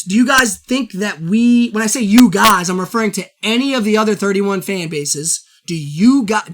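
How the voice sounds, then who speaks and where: Bright-voiced man on a fired-up sports rant. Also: sits high. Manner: fired-up, rambling, repeats himself. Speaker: show host. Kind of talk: solo sports opinion rant.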